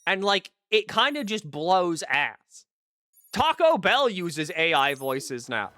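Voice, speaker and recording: A man streaming a video game, giving profane, animated commentary while he plays. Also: high voice, slow, no room sound. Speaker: gaming streamer. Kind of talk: live-stream gameplay commentary. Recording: game music behind the voice.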